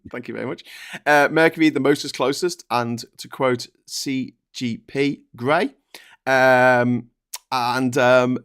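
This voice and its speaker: A man hosting a casual live-stream chat, joking and reading out viewer comments. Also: mid-range voice. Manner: jokey, reads viewer comments aloud. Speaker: host.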